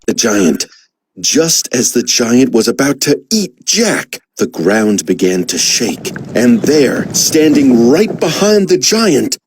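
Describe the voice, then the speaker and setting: A woman reading a children's story aloud with expressive, dramatic emphasis. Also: extremely low pitch, slow, a little hiss or hum.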